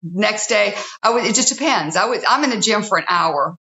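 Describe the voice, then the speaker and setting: A woman's voice: mid-range voice, animated, fairly quick, sharp tone. A woman who hosts a fitness TV show, talking earnestly in an interview and counting off her points one by one. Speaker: fitness TV host, guest. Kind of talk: casual interview talk. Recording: roomy, slightly dull sound.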